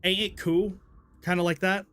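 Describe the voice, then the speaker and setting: A man's voice: high voice, little pitch movement, normal speed, a bit bright, smooth. A man streaming a story game, rambling casually, swearing freely and laughing at himself. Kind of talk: casual let's-play commentary.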